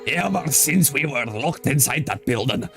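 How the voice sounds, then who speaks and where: Man reading as a lofty lecturing game character, dramatic, gravelly, animated pitch. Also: normal speed, faint music behind. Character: grandiose young man lecturing about survival. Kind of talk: reading game dialogue aloud.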